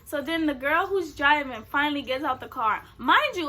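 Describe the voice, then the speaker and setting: A woman's voice: high voice, moderate pace, hardly any pauses. A young woman telling a personal story on her vlog, casual and profane, acting out what everyone said. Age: young adult. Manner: animated, profane, acts out quotes. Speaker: vlogger.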